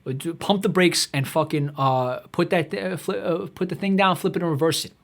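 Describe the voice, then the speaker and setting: A man's voice: fairly high pitch, fairly quick, creaky. A man hosting his own podcast, delivering a rambling, profanity-heavy comedic rant that is exasperated and mocking and full of restarts. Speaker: podcast host.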